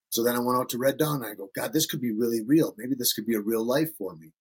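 Husky man telling loose, profane stories. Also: mid-range voice, brisk. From Northern Michigan. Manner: loose and profane, acts out quoted voices. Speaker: podcast guest. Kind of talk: casual storytelling.

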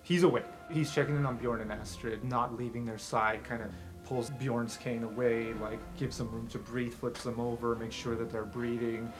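A man narrates a tabletop game as its game master, at an ordinary middle pitch. His delivery moves between quiet, careful description and excited outbursts. Music plays clearly beneath his voice. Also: moderate pace, poor audio. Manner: lively, shifting from hushed description to excited outbursts. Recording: background music under the voice.

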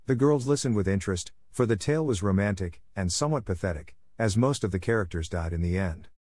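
Low-voiced male audiobook narrator. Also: expressive, fast talker, a little mellow, no echo.

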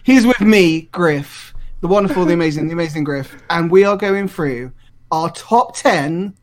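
A man co-hosting a casual podcast, teasing his co-host in quick banter with frequent laughter. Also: fairly high pitch, a crowd in the background. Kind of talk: casual chat.

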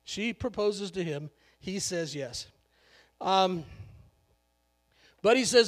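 High-voiced joking male pastor. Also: measured pace, big-room sound. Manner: conversational and joking, laughs often. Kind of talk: sermon.

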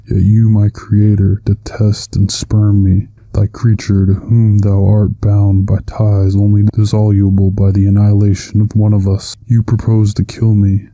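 A man's voice: lowish voice, warm tone, no room sound, natural voice. A man voicing a huge, anguished male creature who speaks in solemn, archaic formal language. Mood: bitter.

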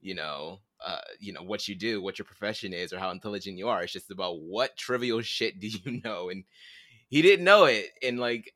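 A man co-hosting a podcast, chatting in an animated way and laughing as he talks. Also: fairly low pitch, normal speed, no echo. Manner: animated, laughs while talking. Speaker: podcast co-host. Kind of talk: casual chat.

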